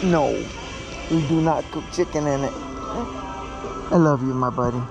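A man's voice: a little high, measured pace, poor audio. A man playing with his son at a swimming pool, talking patiently, encouraging and teasing him. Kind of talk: casual playful chat with a child. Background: music.

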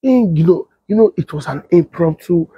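A young adult man with a Nigerian Pidgin English accent, telling a story and acting out the voices of others in a husky tone. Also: normal speed, dry recording, highs cut off. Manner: switches to high excited voice when quoting others. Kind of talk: animated storytelling with acted-out quotes.

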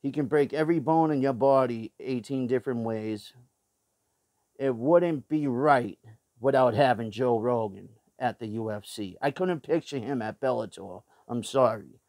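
A man's voice: medium pitch, unhurried, darkish tone, dry recording, studio quality. A man with a Boston accent hosting his own show, ranting blunt and profane opinions in a rambling way, full of fillers and restarts. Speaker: show host. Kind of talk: casual opinion rant to camera.

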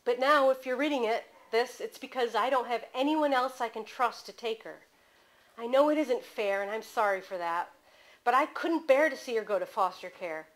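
A worried mother pleads in writing for her daughter's safety, read aloud by a woman author. The tone is earnest and soft, in a fairly high voice. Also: lightly acted.

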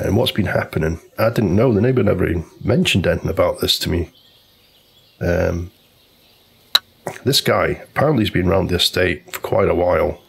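A man's voice: low-pitched, gravelly, fairly bright tone, slightly rough. A man casually telling a long, rambling story while commenting on a golf video game. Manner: chatty storyteller, loose and informal, many restarts.

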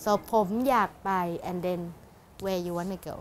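A woman's voice: on the low side, flat delivery, racing, slight background noise. Patient woman teacher. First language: Thai. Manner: patient, explains step by step with laughs. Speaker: language teacher. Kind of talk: casual language lesson.

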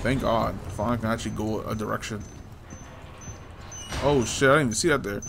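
A man's voice: on the low side, a little fast, vocal fry, noisy background. A man giving loose, casual commentary while playing a game, talking to himself and teasing the hero, with frequent swearing. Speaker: gameplay streamer.

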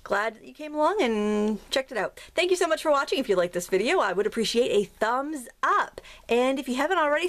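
A woman's voice: high voice, sing-song, fairly quick, hardly any pauses. A woman from Maine with a Maine accent, hosting a casual craft tutorial in a chatty, jokey, self-deprecating way.

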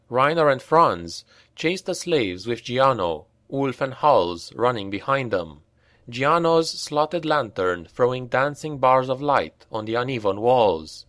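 A man narrating an audiobook in a measured, expressive way. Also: mid-range voice, dry recording, clean studio sound.

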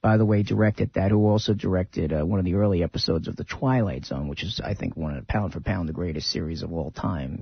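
A man's voice: on the low side, vocal fry, husky, no echo. Rambling male radio host, dull sound. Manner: rambling, chatty, retells film scenes. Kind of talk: casual radio talk.

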